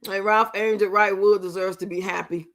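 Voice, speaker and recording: A young woman hosting a live stream, chatting loudly and profanely, teasing and laughing as she reads out viewers' comments. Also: medium pitch, fairly even intonation, moderate pace. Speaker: livestream host. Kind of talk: casual live-stream chat reacting to a reality show.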